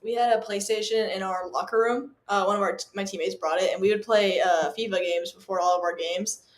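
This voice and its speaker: A young woman, a soccer player guest, telling stories in an animated casual chat. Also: mid-range voice, fairly quick, roomy sound. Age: young adult. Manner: animated storytelling.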